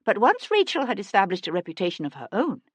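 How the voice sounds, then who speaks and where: A woman narrating a historical mystery audiobook in a measured, expressive storytelling manner, close to the mic. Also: mid-range voice, husky, no room sound. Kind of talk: scripted narration.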